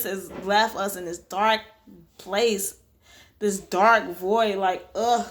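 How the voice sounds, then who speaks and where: A young woman chatting casually on her reading vlog, dramatic and expressive, full of slang. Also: medium pitch, takes it slowly. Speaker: book-reading vlogger.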